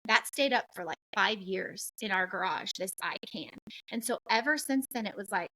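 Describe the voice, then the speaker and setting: A middle-aged woman from the western United States hosting a podcast, telling stories in a lively, candid and blunt way. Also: medium pitch, moderate pace, low-quality recording. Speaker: podcast host. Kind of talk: casual chat.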